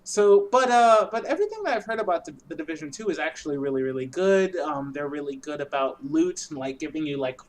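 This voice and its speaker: A man's voice: a little high, animated, fast talker, hardly any pauses. A man co-hosting a casual podcast, talking in a loose, easygoing, rambling way. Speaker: podcast co-host.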